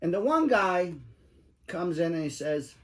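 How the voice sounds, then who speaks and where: A man's voice: sits high, sing-song, unhurried. A middle-aged man telling cab-driving stories in casual chat, profane and emphatic, rambling with lots of fillers.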